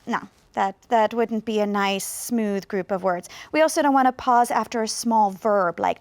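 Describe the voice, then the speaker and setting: Clear, high-voiced woman pronunciation teacher. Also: dry recording. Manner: slow, clear, pauses deliberately to demonstrate. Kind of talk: ESL video lesson.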